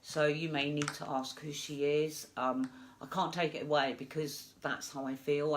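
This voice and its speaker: A woman medium giving a live psychic reading, gentle and reassuring, halting with many fillers. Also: low-pitched, flat delivery. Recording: echoey room.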